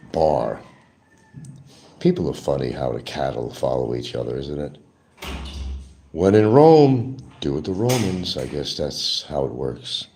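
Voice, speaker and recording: Very deep-voiced older man rambling. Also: gravelly, darkish tone, slight background noise. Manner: opinionated, drifting, talks to viewers. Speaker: livestream host. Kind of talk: rambling casual monologue.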